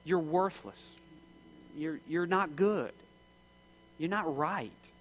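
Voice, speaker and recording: A man preaching in church with a fairly high voice. He preaches with passion, rising to shouts and then dropping to hushed pleading. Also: slow, low-quality recording. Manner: impassioned, swings from shouting to hushed. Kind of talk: sermon.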